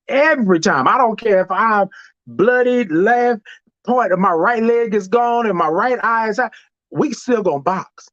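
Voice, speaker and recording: A man with a Houston accent who hosts a show, giving a preachy, animated monologue and playing out both sides of a dialogue himself. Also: high voice, unhurried, no room sound, lo-fi sound. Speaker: host. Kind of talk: motivational monologue.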